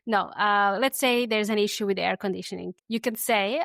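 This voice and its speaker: A woman hosting an English lesson podcast, friendly and easygoing, who says example phrases slowly and repeats them for listeners to copy. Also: mid-range voice, creaky, a bit bright, no echo, clean studio sound. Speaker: English teacher and podcast host.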